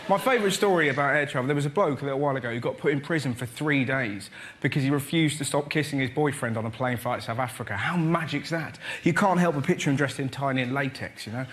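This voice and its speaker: A young man telling comic stories on a panel show, full of animated shrieking impressions, in a TV studio with a live audience. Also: mid-range voice, fast talker. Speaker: comedian panellist. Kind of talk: stand-up comedy routine. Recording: loud noisy studio recording.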